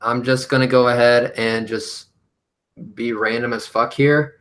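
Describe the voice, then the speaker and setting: A man in a loose, profane group chat keeps his voice bright and forceful. He curses, bickers and sounds exasperated while arguing about claims. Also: medium pitch, steady tone, measured pace. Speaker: panel participant debunking claims.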